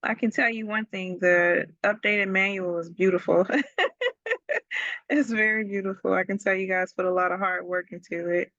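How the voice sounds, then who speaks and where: Friendly webinar host lady, gravelly voice, dull dry call audio. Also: medium pitch, fairly even intonation, moderate pace, fairly bright tone, dry recording. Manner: friendly, enthusiastic, laughs easily. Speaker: webinar moderator. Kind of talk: moderating a webinar.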